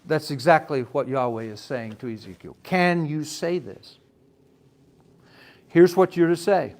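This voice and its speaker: Animated man teaching Bible study. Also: on the high side, measured pace. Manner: conversational, addresses listeners by name, asks questions; animated, swings loud and soft.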